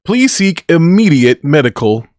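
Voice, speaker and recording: Man, podcast host, high voice, swinging pitch, boastful ranting, dry close sound. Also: sing-song, measured pace, darkish tone, dry recording. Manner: boastful, ranting trash talk. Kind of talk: casual gaming chat.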